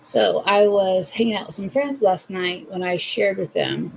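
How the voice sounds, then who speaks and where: A woman's voice: medium pitch, unhurried, gravelly, a little hiss or hum. A young Southern woman hosting a livestream, chatting playfully with viewers while she crochets at home. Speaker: livestream host. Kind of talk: casual chat while crocheting.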